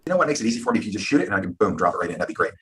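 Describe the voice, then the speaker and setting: A male host rattles along at great speed in a rough, husky voice. He sounds brash and fired-up and rambles from point to point. His voice sits a little low. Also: very animated, very fast, fairly bright tone. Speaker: live show host. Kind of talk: casual live-stream round table.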